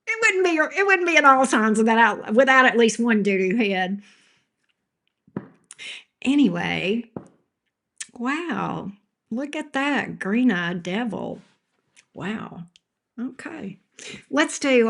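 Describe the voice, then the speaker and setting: A woman's voice: on the high side, pushed and bright. A woman doing a live tarot reading who talks back to chat with sass, scolding troublemakers and laughing often. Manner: sassy, scolding chat trolls, laughs a lot. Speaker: tarot reader.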